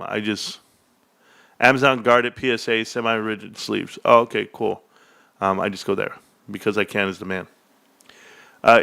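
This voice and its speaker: A man's voice: lowish voice, vocal fry, sharp tone. A man hosting a casual livestream, telling rambling joking stories with lots of "bro" and frequent laughter. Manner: rambling, joking storyteller who says "bro" a lot. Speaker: stock livestream host.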